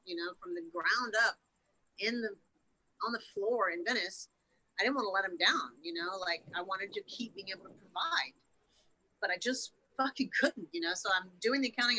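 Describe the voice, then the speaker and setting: A woman with a very bright, sharp-edged voice tells her story in an emotional, unfiltered way. She swears a lot and trips over her words, restarting sentences as she goes. Her is relaxed and conversational. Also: medium pitch, low-quality recording. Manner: emotional, swears freely, repeats and restarts often. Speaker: podcast guest. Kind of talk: candid storytelling interview.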